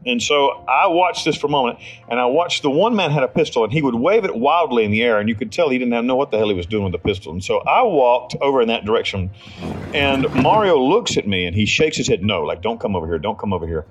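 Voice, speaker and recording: A man's voice: mid-range voice, expressive, fast, low-quality recording. Man from the US, blunt, rambling, swears freely, faint music behind. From United States. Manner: blunt, rambling storytelling with restarts and profanity. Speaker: interview subject. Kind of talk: recounted life story.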